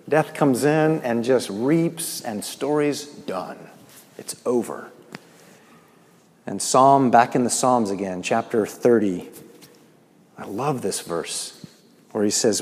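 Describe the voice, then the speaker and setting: A man preaches to a congregation, his voice a little husky and ringing with long reverb in a large hall. He swings between loud, lifted phrases and hushed, quiet lines. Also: mid-range voice. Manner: preaching with sudden loud lifts and quiet drops. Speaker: pastor. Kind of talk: sermon.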